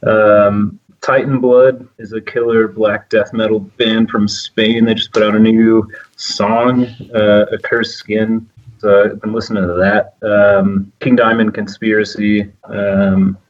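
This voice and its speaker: A man's voice: lowish voice, flat delivery, slow, distant mic, highs cut off. A man chatting casually on a podcast, rambling with lots of "like" and "uh". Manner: rambling, full of "like" and "uh".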